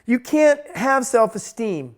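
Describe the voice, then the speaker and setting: A man's voice: very high voice, sing-song, slow pace. A man giving a spiritual talk in a blunt, emphatic monologue, swearing freely. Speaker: spiritual teacher.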